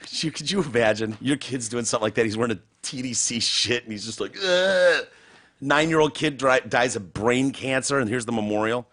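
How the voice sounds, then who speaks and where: A man hosting a casual podcast, telling crude, profane stories with big jumps in pitch. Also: a little fast, few pauses, fairly bright tone. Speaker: podcast host.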